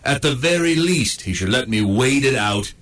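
A man's voice: mid-range voice, lively intonation, normal speed, fairly bright tone. A man voicing a grumpy, sarcastic male dog stuck in a cone, in a comedic inner monologue. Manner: sardonic, self-pitying and crude.

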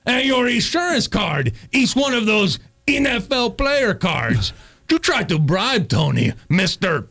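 A man's voice: sits high, big pitch swings, unhurried, sharp tone, full character voice. A man playing a swaggering, menacing male gangster pharmacist in a comedy sketch, with a thick put-on accent and broken grammar, threatening and laughing at his own jokes. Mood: mocking.

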